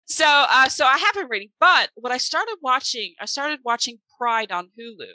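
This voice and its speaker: A woman's voice: high-pitched, expressive, moderate pace, bright, forceful tone, no echo, low-quality recording. A woman, an author and podcast co-host, chatting casually and laughing often.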